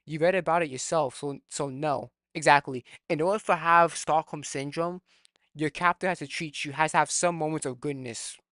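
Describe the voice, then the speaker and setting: Guy ranting his points in a casual chat, kinda high voice, dead dry sound. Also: normal speed, fairly bright tone, no room sound. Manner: heated, argumentative, reads points from notes. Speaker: video talk participant.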